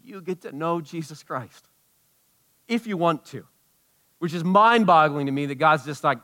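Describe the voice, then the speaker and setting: Pastor, male, slightly high voice, preaching with big swings between emphatic and hushed delivery. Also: normal speed, long pauses. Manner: dynamic preaching, swinging from loud emphasis to hushed low tones. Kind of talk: sermon.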